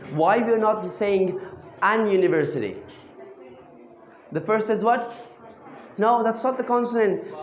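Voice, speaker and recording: A high-voiced man gives a grammar class, his recording carrying a slight hiss or hum and the room sounding echoey and reverberant. He keeps questioning the students and repeating key words back to them.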